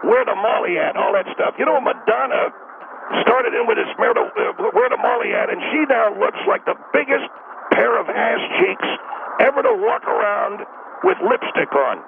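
A man's voice: very high voice, huge pitch swings, normal speed, gravelly, voice pushed up, exaggerated voice. A man voicing a meddling, preachy middle-aged male caller who lectures in a fussy, stammering way. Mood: lecturing. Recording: tinny phone line with noise.

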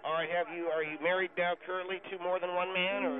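A man's voice: sits high, level tone, quick pace, a crowd in the background, pitched above the performer's own voice, natural voice. A man putting on a brash, crude ex-cop on a tinny phone line. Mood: needling. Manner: blunt, crude and needling. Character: brash middle-aged male ex-cop radio guest. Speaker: radio show guest.

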